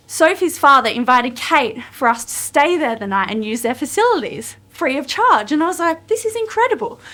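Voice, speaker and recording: Australian woman, slightly high voice, heartfelt storytelling, animated quotes of dialogue. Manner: emotional, animated retelling of dialogue. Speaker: podcast guest telling her running journey. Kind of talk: personal storytelling.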